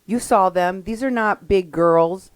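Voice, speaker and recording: Slow-talking earnest woman host. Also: medium pitch, low-quality recording. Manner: earnest, emphatic. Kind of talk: radio talk commentary.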